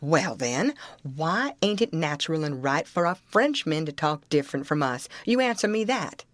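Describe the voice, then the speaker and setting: A woman's voice: deep voice, expressive, normal speed, no room sound. A woman reading an audiobook, voicing a stubborn, argumentative grown man with an insistent folksy drawl.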